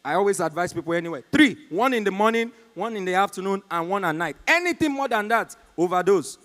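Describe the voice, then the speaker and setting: A man's voice: high-pitched, lively intonation, quick pace, fairly bright tone. A Nigerian man doing live stand-up comedy, telling stories and talking to the crowd. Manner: storytelling, talks to the crowd. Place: concert stage in a large hall. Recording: long reverb from a hall.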